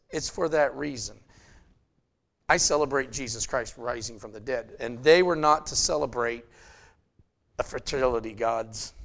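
A man preaching a sermon in a conversational way, checking in with "okay?" and building up to loud, emphatic passages. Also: mid-range voice. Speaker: pastor.

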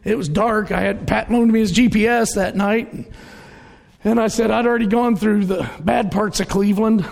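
A man's voice: sits high, moderate pace, creaky, a little mellow. A middle-aged man preaching a conversational sermon, telling everyday stories and acting out the voices in them. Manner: conversational, storytelling, acts out quoted voices. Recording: reverberant hall.

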